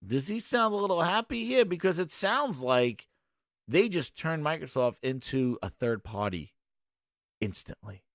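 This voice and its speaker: A man's voice: fairly high pitch, lively intonation, a little slow, fairly bright tone, no room sound, clean studio sound. A man hosting a gaming show, ranting with sarcasm and exasperation in casual commentary.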